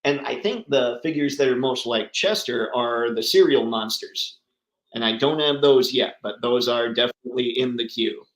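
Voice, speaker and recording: A man's voice: medium pitch, moderate pace. Chatty man in an echoey room. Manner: chatty, enthusiastic, answers viewers by name. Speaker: livestream host. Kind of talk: casual livestream chat.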